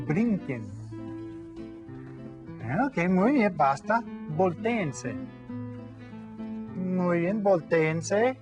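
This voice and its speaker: Patient male Spanish teacher, slightly high voice. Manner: patient, repeats words slowly and checks understanding; gives lively classroom commands. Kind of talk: instructional video lesson for children.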